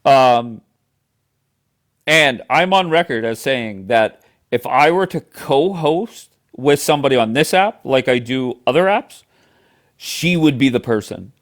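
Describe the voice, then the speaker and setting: A man's voice: mid-range voice, animated, measured pace. A man hosting a livestream, arguing heatedly, swearing a lot and talking over his guest. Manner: profane, combative, talks over others. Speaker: livestream host.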